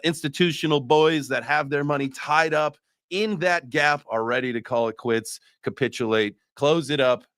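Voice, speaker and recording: A man's voice: medium pitch, fairly bright tone, clear, resonant tone, no room sound. Profane joking male crypto show host. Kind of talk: casual livestream chat.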